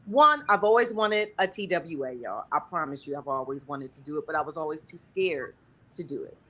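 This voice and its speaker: Lively, bright-voiced woman co-host. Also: low voice, a little fast. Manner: animated, playful, talks straight to listeners. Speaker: podcast co-host. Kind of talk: casual chat.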